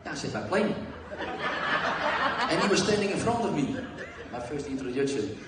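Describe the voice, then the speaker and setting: A Dutch man, speaking English as a second language, telling lively dressing-room stories with plenty of swearing at a live Q and A. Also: a little high, moderate pace. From Netherlands. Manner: lively anecdotal, swears, acts out dialogue. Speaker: guest. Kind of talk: live Q and A storytelling. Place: large hall before an audience. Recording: echoey hall from far off, crowd noise.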